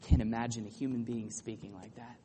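A man preaching a sermon with passion, building to loud emphatic peaks and then falling back to a quieter, lower delivery. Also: little pitch movement, brisk, a little hiss or hum. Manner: impassioned preaching, rising to loud peaks then dropping low.

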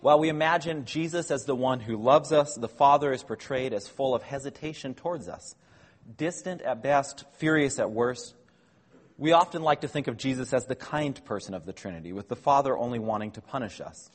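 Guy teaching a bible lesson, kinda husky, slow and careful, lots of hall echo. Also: mid-range voice. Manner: measured, explanatory, with small self-corrections. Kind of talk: lecture on scripture.

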